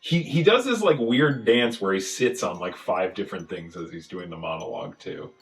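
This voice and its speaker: A man casually recapping a movie with a co-host, animated and acting out scenes in funny voices. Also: low voice, normal speed, echoey room, low-quality recording. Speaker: podcast host.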